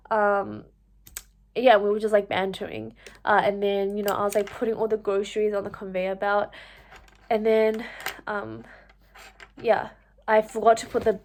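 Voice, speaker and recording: A young woman vlogs a personal story to camera, chatty and loaded with fillers and "like," growing animated whenever she quotes herself. She speaks at a moderate pace in a mid-range voice and pauses often.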